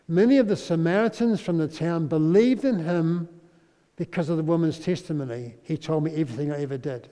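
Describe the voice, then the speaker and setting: A New man preaching a sermon in a storytelling way, his voice mellow and pitched a little high for a man. He goes soft and quiet at the tender parts. The sound rings with the long reverb of a big hall. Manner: storytelling, drops to a soft, quiet voice at emotional moments. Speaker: pastor.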